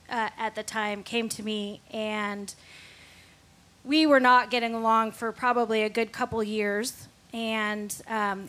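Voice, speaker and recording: A woman's voice: fairly high pitch, a bit bright. A woman giving a candid, reflective faith testimony as a guest on a Christian talk show.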